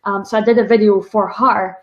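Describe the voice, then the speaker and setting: A Scottish woman in her twenties, a vlogger chatting as an interview guest and telling stories in an animated way. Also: mid-range voice, brisk, dull audio. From Scotland. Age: 20s. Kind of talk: casual interview chat.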